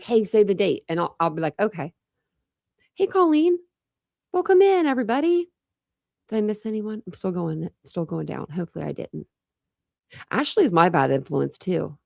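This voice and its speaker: A woman's voice: on the low side, creaky, a little mellow, no room sound, clean studio sound. A woman hosting a true crime livestream, chatting casually and greeting viewers by name with lots of fillers. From Ohio, United States.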